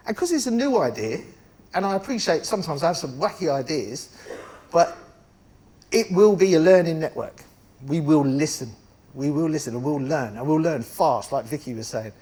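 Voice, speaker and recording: A middle-aged man giving an energetic, blunt talk to members of his network, swearing casually and making chatty asides. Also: on the high side. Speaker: estate agency network founder speaking to members. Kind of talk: conference talk.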